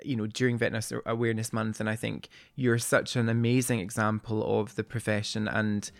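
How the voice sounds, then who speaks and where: A man's voice: lowish voice, level tone, a little fast, gravelly, no echo. A man hosting a podcast, effusive and rambling, with many restarts in a casual chat. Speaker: podcast host.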